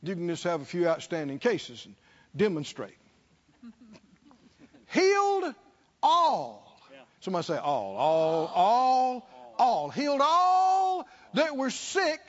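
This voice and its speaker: This preacher speaks in a high register with dramatic rises and falls in pitch, taking his time. He repeats key lines, asks rhetorical questions and calls on the congregation to answer, all captured on a muffled, lo-fi recording.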